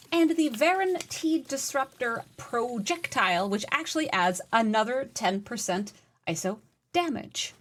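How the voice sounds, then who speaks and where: A woman game streamer talks through a live session, chatty and excitable as she answers her viewers. Her voice sits fairly high. Faint game music runs underneath. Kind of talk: casual live-stream chat.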